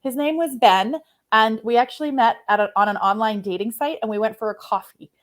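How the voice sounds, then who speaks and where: A woman's voice: a little high, steady tone, fairly quick. A woman in her forties hosting a live online interview, talking in an effusive, heartfelt way. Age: 40s. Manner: effusive, heartfelt, openly emotional. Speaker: host.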